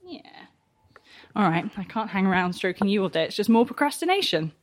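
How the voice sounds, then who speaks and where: A woman's voice: mid-range voice, lively intonation, fast, slight background noise. Chatty nervous woman vlogger. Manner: chatty, nervous, laughs often, exclaims a lot. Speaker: farm vlogger. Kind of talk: casual vlog talk to camera. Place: tractor cab in a farm shed.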